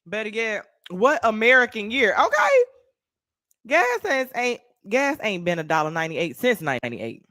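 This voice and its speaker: A woman's voice: fairly high pitch, moderate pace, no echo, clean studio sound. A woman from Texas chatting casually on a livestream as a podcaster, talking straight to viewers, calling out their names and swearing freely. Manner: animated, profane, reacts to viewer comments.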